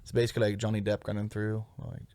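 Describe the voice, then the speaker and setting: Laid-back low-voiced man, rambling podcast chat. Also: monotone, fast, dark tone. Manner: rambling, swears a lot, laughs often. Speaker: podcast co-host. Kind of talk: casual chat.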